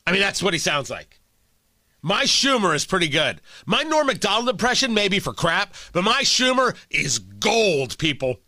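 A man's voice: high-pitched, sing-song, normal speed, pushed and bright, no echo. A man hosting a political commentary show, combative and sarcastic in delivery. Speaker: host.

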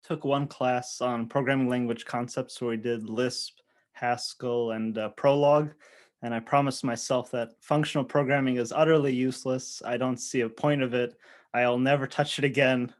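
A man guesting on a podcast, telling his background in a relaxed, rambling way with many fillers. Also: mid-range voice, normal speed. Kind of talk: casual podcast chat.

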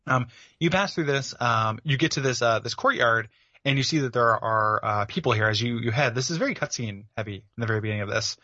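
A man's voice: mid-range voice, fairly quick, sharp tone, no echo, lo-fi sound. A man co-hosting a podcast, chatting casually about a video game with lots of filler words. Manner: rambling, full of filler words. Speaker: podcast co-host.

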